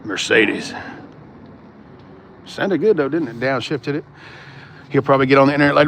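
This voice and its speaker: A car vlogger walks an outdoor dealership lot on a live stream, chatting casually and profanely while reading viewer comments aloud. His mid-range voice is fairly bright, moving at a moderate pace with frequent pauses. Slight background noise is audible.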